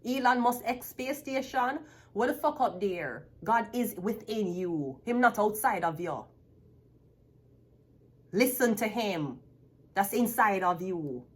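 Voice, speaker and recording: A woman's voice: medium pitch, breathy edge. A woman, a tarot reader ranting bluntly and profanely to the camera. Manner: profane, blunt, emphatic, laughs often. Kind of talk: unscripted rant to camera.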